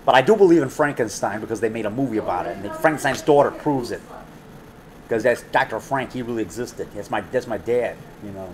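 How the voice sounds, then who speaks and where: A man who makes low-budget monster movies, chatting in a restaurant. He rambles and repeats himself, jumps between topics and gets excited about old horror films. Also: fairly quick. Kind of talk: rambling casual chat.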